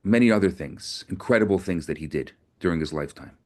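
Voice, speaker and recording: Rabbi delivering a sermon, earnest storyteller, lower-pitched male voice. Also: expressive, quick pace. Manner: earnest storytelling, repeats words.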